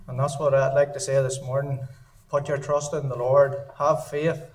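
A man's voice: medium pitch, level tone, normal speed, darkish tone, far from the mic, low-quality recording. A man giving an earnest, emotional sermon in a church service, often repeating his phrases. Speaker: lay preacher.

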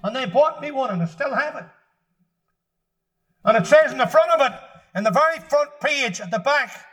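A man preaching a sermon in a fervent, emphatic way, building at times to shouts. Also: very high-pitched, animated, moderate pace, long pauses, breathy edge, low-quality recording.

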